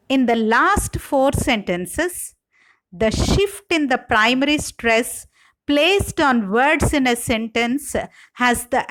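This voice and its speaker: Slow, lively-pitched woman lecturing. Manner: slow, deliberate, reads example words one by one. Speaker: English lecturer. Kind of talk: slide-based lecture.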